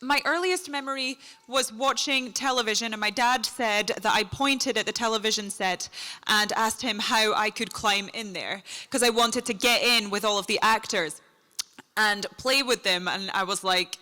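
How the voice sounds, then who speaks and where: A woman's voice: on the high side, normal speed, pushed and bright. A Scottish woman in her thirties, a guest actor answering questions in a casual, self-deprecating way and laughing often, on a convention stage. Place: large convention main stage. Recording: echoey convention hall.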